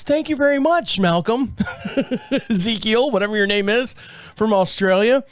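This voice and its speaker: A high-pitched man hosts his podcast, rambling from one aside to the next in a casual, joking way. His voice sits dry and close, with no room sound around it. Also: normal speed, dry recording. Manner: rambling and chatty, with asides and jokes. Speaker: podcast host. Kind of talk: casual chat. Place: podcast studio with several cameras.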